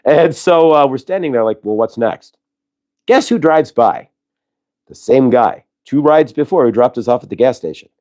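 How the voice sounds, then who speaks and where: A man's voice: medium pitch, lively intonation, normal speed, a little mellow. A middle-aged man hosting a show, telling a story casually with many fillers and asides. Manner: rambling, lots of fillers and asides. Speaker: host.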